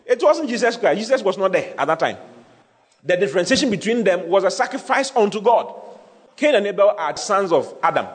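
A man preaching a teaching sermon, repeating key phrases and checking that his listeners follow. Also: sits high. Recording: long hall reverb.

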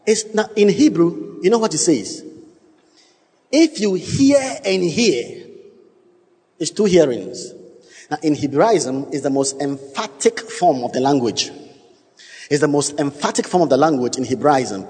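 A man preaching a sermon, emphatic and quizzing his congregation, with sudden leaps in pitch. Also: big pitch swings, moderate pace, darkish tone. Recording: long hall reverb.

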